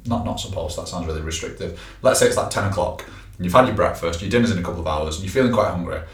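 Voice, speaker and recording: Low-voiced fast-talking man. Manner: chatty, filler-heavy, explains tips to listeners. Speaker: personal trainer and podcast co-host. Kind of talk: casual podcast chat. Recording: echoey room, a bit far from the mic.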